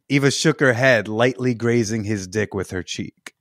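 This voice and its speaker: A man's voice: medium pitch, moderate pace, hardly any pauses, no echo. A man hosting a podcast, reading fiction aloud in a matter-of-fact way with joking asides. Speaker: podcast host.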